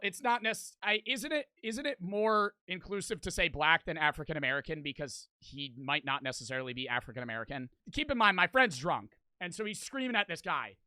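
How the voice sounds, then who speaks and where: A young man reacting to a video and telling a story, loud and excitable, swearing often. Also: high-pitched, smooth, dry recording. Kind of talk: profane animated storytelling.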